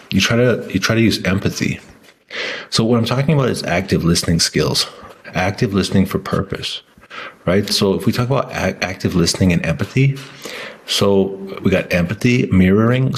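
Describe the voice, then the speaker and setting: A man's voice: deep voice, gravelly, slightly rough. A man talking casually to camera in a rambling way, with many restarts and fillers. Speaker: vlogger.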